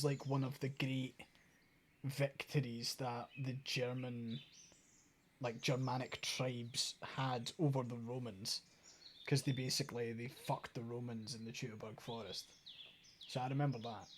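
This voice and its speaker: A man's voice: medium pitch, flat delivery, normal speed. A man with a Scottish accent, chatting casually and rambling while streaming a game, swearing now and then. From Scotland. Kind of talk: casual game let's play commentary.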